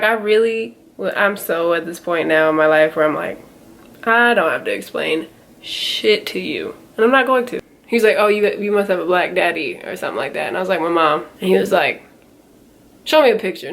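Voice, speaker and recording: A woman's voice: mid-range voice, gravelly. A young woman in her twenties telling a story in a casual vlog, chatty and full of quoted back-and-forth, with a slightly nasal tone. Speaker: vlogger.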